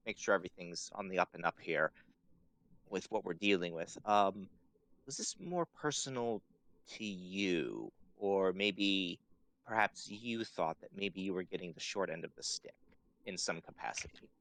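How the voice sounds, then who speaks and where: A man's voice: deep voice, animated, normal speed, fairly bright tone, dry recording. A man playing a tabletop game, speaking in a careful, hedging, polite way. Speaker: player.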